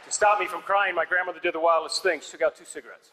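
A man's voice: on the high side, steady tone, fast, sharp tone. A man doing a stand-up comedy set on a theater stage, telling stories with dry, punchy one-liners. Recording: live hall reverb with audience noise.

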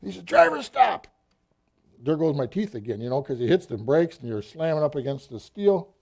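Mellow folksy storytelling man. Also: mid-range voice, fairly quick. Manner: folksy, animated storytelling with acted-out quotes. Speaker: church speaker. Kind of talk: storytelling sermon.

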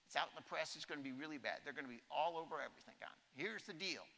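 A man's voice: on the high side, expressive, very fast, pushed and bright, voice pushed up, full character voice. A man impersonating a brusque president who gives clipped, urgent orders. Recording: echoey hall.

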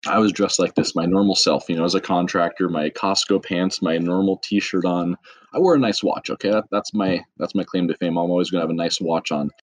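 A middle-aged man with a low, husky voice tells stories as a podcast guest, easy and self-mocking, tossing in quick asides. The sound is dry and close with no room echo. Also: steady tone. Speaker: guest, trades business owner. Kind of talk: casual storytelling.

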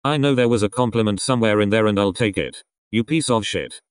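A man's voice: lowish voice, fast talker, clear, resonant tone, no room sound, natural voice. A man voicing a cocky hot-headed young assassin. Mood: teasing. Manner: cocky and teasing.

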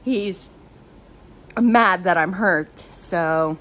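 A woman speaking very slowly in a lowish, fairly bright voice records a rambling vlog rant at home. She sounds emotional and out of breath, filling her talk with "like."

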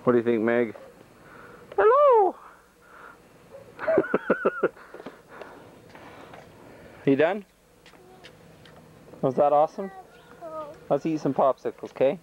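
A woman's voice: a bass voice, lively intonation, moderate pace, pauses often, a little hiss or hum. A mother filming her children, chatting in sing-song baby talk on a camcorder microphone. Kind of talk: home video chatter. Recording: dull lo-fi camcorder audio with music.

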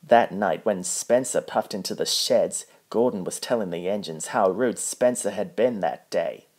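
A man's voice: deep voice, a little slow, a little mellow. A man reading a children's picture book aloud, plainly, with small slips. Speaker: storybook reader.

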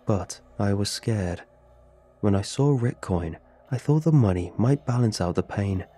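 A flat, robotic computer voice reads out a dying man's last note, as a man puts it on. It speaks without intonation, very low and dark, with a husky grain. The horror storybook reading stays level throughout. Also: a little slow. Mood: bleak.

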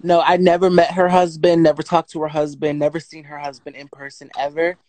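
A woman, telling her story on a phone livestream in a blunt, profane, animated way and reading out text messages. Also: sits low, fairly quick, no echo.

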